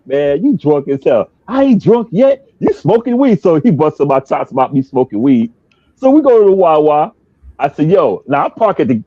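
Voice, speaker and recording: Man, animated storyteller, high lively voice, mellow tone, dry lo-fi sound. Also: dry recording. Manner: animated, jokey, acts out the voices in his stories. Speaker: podcast co-host. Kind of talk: animated storytelling in casual chat.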